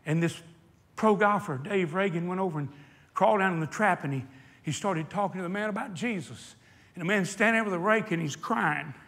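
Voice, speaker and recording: A male preacher with a high voice delivers an impassioned sermon. He tells stories, drawing out key words slowly for emphasis. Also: a bit bright. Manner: impassioned storytelling, slowing for emphasis. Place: hot indoor meeting hall.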